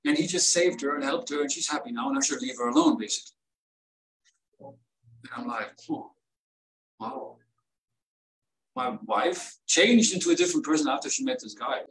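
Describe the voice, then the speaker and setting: A man's voice: on the high side, big pitch swings, brisk, a bit bright. A man talking through his pain in a rambling, emotional personal monologue as a vlogger. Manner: pained, rambling, rising to upset outbursts. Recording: roomy sound from a distance.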